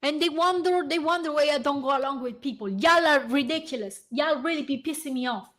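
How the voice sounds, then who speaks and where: High-pitched woman ranting angrily. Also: fairly quick, a bit bright. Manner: heated, profane, ranting while reading aloud. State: hoarse. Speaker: vlogger. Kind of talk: angry reaction rant.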